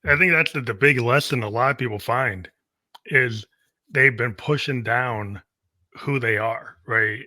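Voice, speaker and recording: A man's voice: mid-range voice, a little slow, pushed and bright, dry recording. A man hosting a podcast interview, talking in a casual, rambling way full of fillers. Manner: rambling, many fillers and restarts. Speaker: podcast host.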